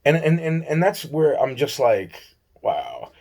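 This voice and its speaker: A man's voice: on the high side, moderate pace, a little mellow. Rambling, profane man telling a story. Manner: profane, rambling, repeats himself, acts out dialogue. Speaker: vlogger.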